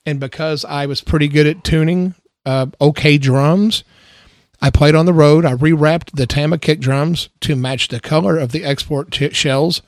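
A man's voice: on the high side, fairly even intonation, moderate pace, dry recording, studio quality. A middle-aged man, a drummer, chatting casually in his home garage, laid-back and self-mocking, often laughing. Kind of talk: casual chat.

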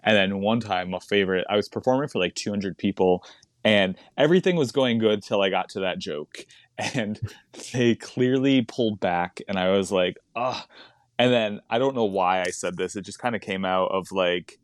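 A man's voice: on the low side, moderate pace, no room sound, studio quality. A man who does stand-up comedy, chatting casually on a podcast, rambling and laughing often as he digresses.

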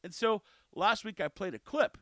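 Male solo podcaster, casual and cheeky, lively swinging delivery. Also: sits high, moderate pace, no room sound, clean studio sound. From South Texas. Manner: chatty, cheeky, animated storytelling. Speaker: podcast host.

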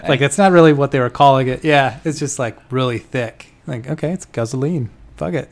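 A man's voice: medium pitch, brisk, gravelly. A man chatting with friends on a podcast, rambling through film talk with frequent "like" and casual swearing. His voice sits in an ordinary middle register. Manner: loose and profane, lots of "like". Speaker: podcast co-host. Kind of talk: casual chat.

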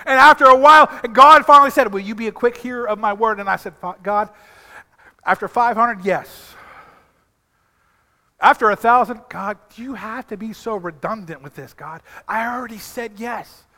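A middle-aged man preaching a sermon as a pastor, telling animated stories that swing from quiet asides to loud exhortation. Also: sits high, moderate pace. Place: church sanctuary. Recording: long hall reverb.

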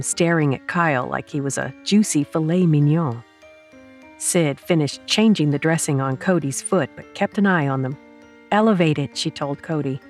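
Low-voiced woman narrating an audiobook. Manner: steady storytelling.

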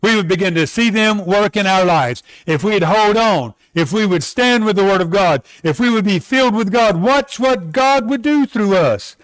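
A male preacher with a high, light voice, earnest and direct as he urges his listeners on. He slows right down to lean on each line of scripture. The sound is close and dry, with no room echo. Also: expressive. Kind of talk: sermon.

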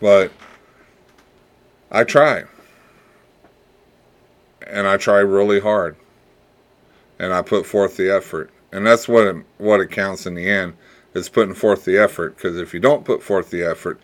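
A man hosting his own podcast, talking in a reflective, rambling way with pauses and repeats, earnest and fatherly, and ending with blessings. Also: deep voice, a bit bright. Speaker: podcast host. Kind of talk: casual solo podcast monologue.

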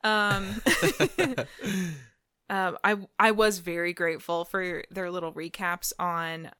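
A woman's voice: lowish voice, little pitch movement, slow pace, bright, forceful tone, smooth, dry recording, clean studio sound. A woman co-hosting a podcast in casual chat, talking with lots of fillers and frequent laughs. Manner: chatty, laughs often, many fillers. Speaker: podcast co-host.

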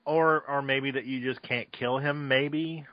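A man's voice: medium pitch, fairly even intonation, measured pace, no echo. Man, podcast co-host, wry sarcastic film chat, dry close sound, dull lo-fi audio. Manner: wry, sarcastic quips with casual swearing. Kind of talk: casual film-review chat.

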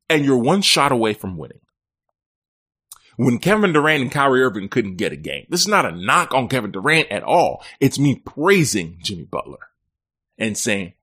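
A man's voice: medium pitch, sing-song, moderate pace, fairly bright tone, husky. A man hosting a sports podcast on his own, giving conversational commentary and often breaking into playful impressions of players.

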